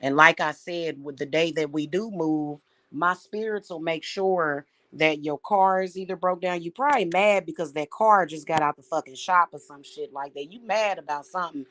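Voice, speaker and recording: A woman's voice: sits low, normal speed, few pauses, fairly bright tone. Confrontational, profane woman ranting. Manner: confrontational, profane, repeats words. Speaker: vlogger. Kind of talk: angry direct-address rant.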